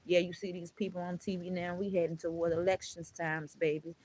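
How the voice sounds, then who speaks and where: A woman's voice: on the low side, flat delivery, a little fast, darkish tone, slight background noise, rough recording. A woman vlogger in an emotional monologue to camera, blunt and preachy, swearing often and calling viewers "baby" and "honey.".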